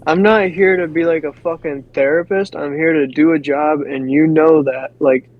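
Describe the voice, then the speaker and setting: A laid-back man with a monotone way of talking, co-hosting a podcast in casual chat. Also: a little high, moderate pace, dry recording. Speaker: podcast co-host. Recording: dull lo-fi dry mic.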